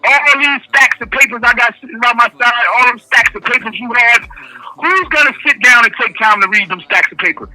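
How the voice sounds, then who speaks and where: His voice very high-pitched, bright and forceful, an incarcerated man talks fairly quickly on a prison phone call during an interview. He drives his points home emphatically, repeating key phrases in casual street speech. The recording is dry, with faint music behind him.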